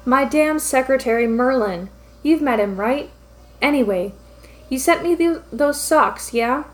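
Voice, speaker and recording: A woman's voice: high-pitched, animated, unhurried, poor audio. A woman reading as a grumpy young office manager. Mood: annoyed. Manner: muttering, curt.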